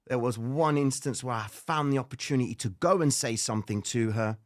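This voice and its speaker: A man's voice: medium pitch, normal speed, dry recording, studio quality. A young man tells a comic story with plenty of swearing, acting out the people in it. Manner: animated, swearing, acts out the people in his story.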